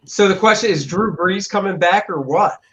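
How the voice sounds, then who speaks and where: A man co-hosts a casual chat show and teases his guests in easy sports banter. His voice sits a little high for a man. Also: normal speed, dull audio, crowd noise. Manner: teasing, chatty sports banter.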